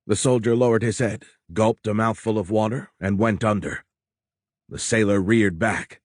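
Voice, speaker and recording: Low-voiced male audiobook narrator. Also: no echo, studio quality. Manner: measured, steady storytelling. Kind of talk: scripted narration of a war novel. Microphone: close studio mic.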